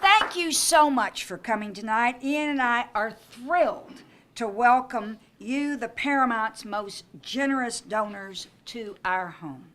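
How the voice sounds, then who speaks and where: Older woman host, welcome speech at a home reception, high and bright, unhurried, anecdotal, lightly funny. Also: a little hiss or hum. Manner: gracious, anecdotal, with light humor. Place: private home during an evening reception.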